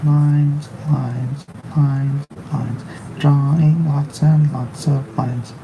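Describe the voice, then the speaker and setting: Gravelly, slow-talking man streaming. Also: fairly high pitch, flat delivery, background noise. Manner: rambling, wry, reads chat aloud. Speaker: artist live-streaming while drawing. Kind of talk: casual live-stream chat.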